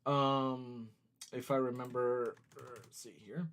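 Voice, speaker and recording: A man's voice: mid-range voice, little pitch movement, slow, a bit bright, smooth. A man running a company livestream in casual chat, laughing easily and talking to viewers as he works on screen. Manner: chatty, laughs easily, talks to viewers while working on screen. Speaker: company CEO hosting a livestream.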